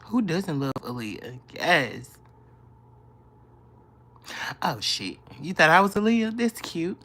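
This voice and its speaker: A woman's voice: low voice, big pitch swings, slow, fairly bright tone, slightly rough. A woman in her thirties hosting a casual live stream from her bedroom, teasing her viewers playfully and laughing often as she reads their comments. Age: 30s. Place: bedroom, in bed.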